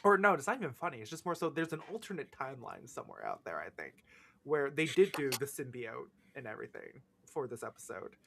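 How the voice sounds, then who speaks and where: A young man co-hosting a casual fan podcast, animated and quick to react, with the odd swear. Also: medium pitch, creaky. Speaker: podcast co-host.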